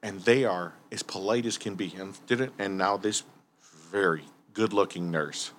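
This man's voice sits low and moves at a moderate pace, with a bit of hiss or hum behind it. Animated and foul-mouthed, he recounts firefighting tales and performs other people's quotes.

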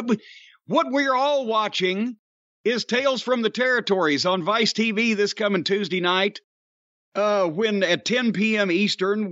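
A man hosting a podcast, gruff and profane, trading wisecracks in casual banter. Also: high-pitched, a bit bright, no echo. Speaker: podcast host. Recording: dry, dull lo-fi sound.

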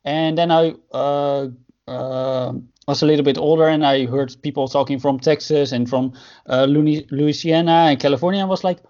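A man's voice: on the high side, fairly even intonation, moderate pace, darkish tone. A Dutch man and musician guest in casual chat, laughing often and restarting his sentences. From Netherlands. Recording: dull lo-fi sound.

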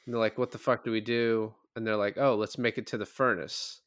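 A man co-hosting a casual movie podcast, retelling scenes with lots of laughter and loud acted-out quotes. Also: fairly low pitch, brisk, dry recording, studio quality. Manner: animated retelling, laughs often, acts out quoted lines loudly. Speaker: podcast co-host.

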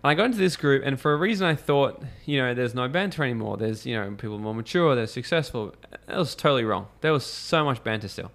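Fast-talking man telling stories. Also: mid-range voice. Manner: animated storyteller, acts out quotes, swears freely. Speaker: podcast guest. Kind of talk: casual podcast conversation.

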